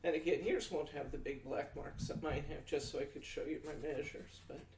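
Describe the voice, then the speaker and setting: A man leads a live crafting demo, chatting with viewers in a folksy way and talking through each cut and measurement. His voice sits a little high. He is heard from a distance in an echoey room with faint background noise. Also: brisk, a little mellow. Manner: chatty, folksy, answers viewer comments aloud; talks through measurements step by step. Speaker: craft show host. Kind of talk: live-stream crafting demonstration.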